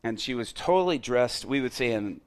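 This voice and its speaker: A middle-aged male pastor telling a story in a sermon, acting out the dialogue and getting loud at the punchlines. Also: mid-range voice, animated, normal speed, smooth. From Chicago area.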